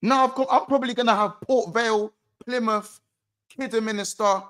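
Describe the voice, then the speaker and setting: A man's voice: extremely high pitch, fairly even intonation, moderate pace, a bit bright. A man, bluntly venting about a football loss over a call in casual slang. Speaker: football channel co-host.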